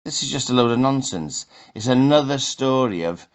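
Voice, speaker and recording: A man's voice: medium pitch, lively intonation, normal speed. A man giving a scornful commentary monologue, mocking and full of rhetorical questions.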